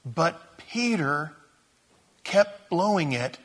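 A man's voice: on the high side, lively intonation, extremely slow, fairly bright tone. A man preaching a conversational sermon, telling the story informally with asides and acting out the quotes.

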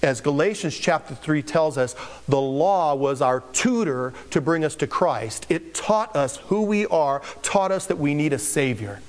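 A man's voice: on the high side, lively intonation, measured pace, few pauses. Joking, conversational preacher man. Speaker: pastor. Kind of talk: sermon.

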